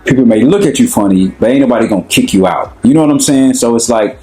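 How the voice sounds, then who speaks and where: A young American man with an African American accent, talking casually and relaxed about his own experiences, with lots of slang. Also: medium pitch, fast, roomy sound, soft background music, rough recording. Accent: African American English. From United States. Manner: relaxed, conversational, slangy, often asks "you know what I'm saying". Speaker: interviewee. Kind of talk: casual personal talk.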